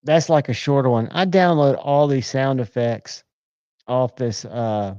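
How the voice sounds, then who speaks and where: A man's voice: mid-range voice, unhurried, a little mellow, clean tone, no room sound, muffled recording. A man hosting a casual livestream, chatting in a rambling, enthusiastic way. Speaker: livestream host. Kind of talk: casual chat.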